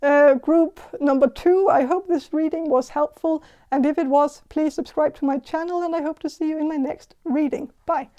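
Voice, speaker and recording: A woman giving a casual tarot reading, talking in a halting, hesitant way with many fillers and restarts. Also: high-pitched, fairly even intonation, mellow, highs cut off. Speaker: tarot reader.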